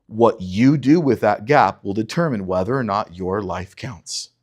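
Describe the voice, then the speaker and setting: A man's voice: on the low side, unhurried. A male pastor preaching an expository sermon. He reads scripture aloud and urges listeners to look closely at each verse. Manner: animated teaching, urges listeners to read verses critically.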